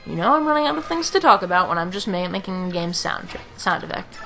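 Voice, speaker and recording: Bright-voiced woman narrating a game. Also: fairly low pitch, sing-song, fast talker, gravelly, soft background music. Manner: chatty, reads game lines in put-on voices. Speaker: let's play commentator. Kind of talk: casual game commentary with dialogue read aloud.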